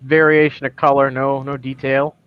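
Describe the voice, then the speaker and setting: Brief: relaxed male co-host, mid-pitched voice, slightly dull sound with faint noise behind. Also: normal speed. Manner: greets chat viewers by name, easygoing. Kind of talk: casual livestream chat.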